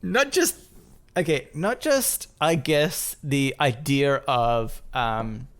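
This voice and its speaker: A man's voice: mid-range voice, takes it slowly, a bit bright. A man co-hosting a podcast in casual chat, rambling and poking fun at himself as he laughs. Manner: rambling, self-mocking, laughs often. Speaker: podcast co-host.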